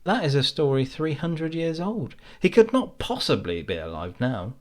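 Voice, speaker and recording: A man's voice: a little high, big pitch swings, normal speed, a little mellow, pitched above the performer's own voice. A man voicing a bewildered village man who insists on what he knows. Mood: incredulous. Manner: incredulous, insistent. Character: bewildered village man, mocking then grave.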